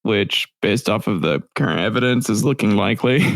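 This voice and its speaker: A man's voice: on the low side, lively intonation, moderate pace, creaky, dry recording, rough recording. A young man co-hosting a podcast, chatting loosely with lots of slang and laughter. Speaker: podcast co-host. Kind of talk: casual chat.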